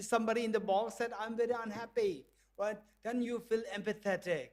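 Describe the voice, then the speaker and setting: In a lecture hall, a visiting professor with a high, slightly fast, somewhat mellow voice lectures and leads a group exercise. He's playful, acting out little dialogues in small voices and laughing often.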